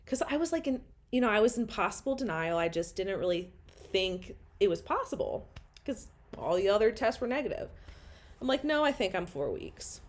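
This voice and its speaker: A woman's voice: mid-range voice, expressive, normal speed. A young woman telling her own story in a rambling, candid way, full of "like" and blunt swearing.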